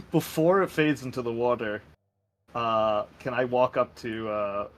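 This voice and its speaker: A man's voice: medium pitch, takes it slowly, a bit bright, rough recording. A man playing a tabletop game, chatting casually with many hesitations. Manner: hesitant, filler-heavy. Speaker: player.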